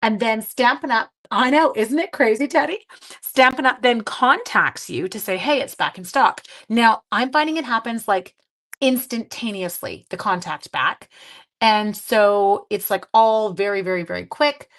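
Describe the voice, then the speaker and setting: A woman's voice: on the high side, unhurried, fairly bright tone, low-quality recording. A woman in her forties hosting a live crafting stream from her home craft room, chatting with viewers in a casual, enthusiastic way. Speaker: crafting livestream host.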